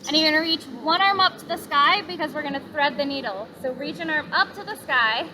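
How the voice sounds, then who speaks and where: High-voiced woman teaching kids yoga outside, gentle and encouraging, traffic noise behind. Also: a little fast. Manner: gentle, encouraging, cueing breaths. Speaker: yoga instructor. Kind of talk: guided yoga class instruction. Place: outdoors in a park.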